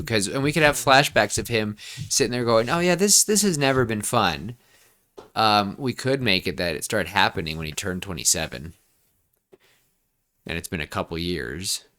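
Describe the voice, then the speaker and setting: A man in his twenties co-hosting a podcast, brainstorming in a rambling, excitable way with lots of restarts. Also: lowish voice, moderate pace. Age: 20s. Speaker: podcast co-host. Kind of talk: casual brainstorming chat.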